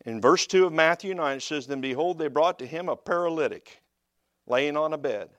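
High-voiced preacher, dry and close. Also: male voice, normal speed, no room sound. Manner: builds from quiet storytelling to loud emphatic preaching. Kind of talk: sermon.

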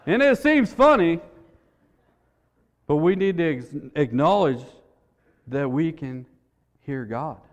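A man's voice: on the high side, lively intonation, slow, long pauses, big-room sound. A man preaching a sermon in a church, in an earnest, conversational way, repeating his words as he tells a story.

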